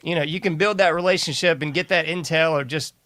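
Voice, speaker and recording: A man's voice: a little high, steady tone, quick pace, fairly bright tone. A man hosting a casual interview, laid-back and slangy, often saying man. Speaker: host.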